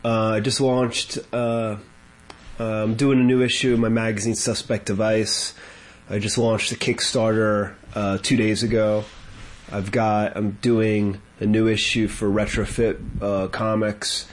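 Chatty low-voiced podcast guest man. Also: level tone, measured pace. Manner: chatty, hesitant. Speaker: guest, comics artist. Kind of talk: casual podcast chat.

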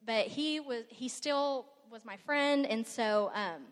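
Young woman, heartfelt church testimony, slightly high voice, reverberant sanctuary. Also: takes it slowly. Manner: earnest, emotional, filler-heavy storytelling. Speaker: testimony speaker. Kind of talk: personal faith testimony. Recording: echoey hall sound.

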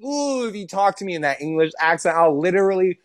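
A man hosting a casual podcast chat, animated and swearing, making boastful joking threats. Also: high voice, quick pace, no echo.

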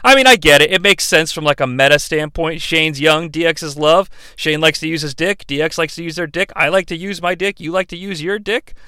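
A man's voice: on the high side, brisk, few pauses, bright, forceful tone, clean tone, no echo. A man hosting a comedic wrestling recap podcast, sarcastic and profane. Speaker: podcast host.

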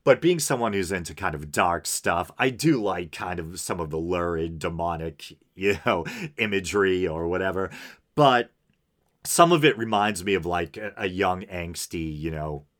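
A man with a lowish voice that swings up and down a great deal as he talks. He hosts a podcast and chats through his review casually, with plenty of fillers and small laughs. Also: fairly bright tone. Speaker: podcast host.

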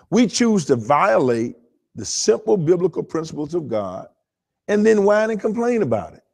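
A man's voice: a little high, vocal fry, a little mellow. A man preaching a sermon as pastor, calling on the congregation to talk back and repeating words as he builds emphasis. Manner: call-and-response preaching to a congregation; stammering repetitions while building emphasis.

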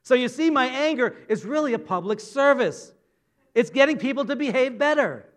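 A man with a very high voice acting out a quick-tempered man who justifies his anger in a sermon example. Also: lively intonation, fairly bright tone. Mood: self-justifying. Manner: self-justifying, indignant. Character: quick-tempered adult man making excuses.

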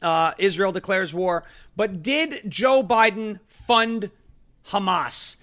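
A man hosting a political commentary show, talking loud and fast and ranting. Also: sits high, expressive. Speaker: host.

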